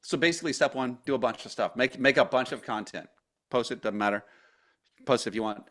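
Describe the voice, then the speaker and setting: A man's voice: mid-range voice, a bit bright. A man hosting an interview show, chatting casually and reacting with enthusiasm. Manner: enthusiastic, quick to agree. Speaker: host.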